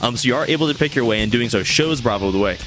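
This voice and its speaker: A man's voice: medium pitch, animated, very fast, over music. A man narrating a tabletop game as game master, often restarting his sentences as he describes the action.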